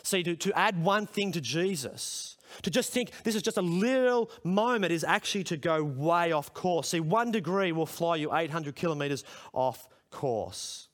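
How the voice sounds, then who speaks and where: A middle-aged man gives a sermon at a school chapel service, his voice pitched high. He talks in a conversational way and grows emphatic as he puts questions to the room. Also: animated, normal speed, hardly any pauses, a bit bright. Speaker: preacher.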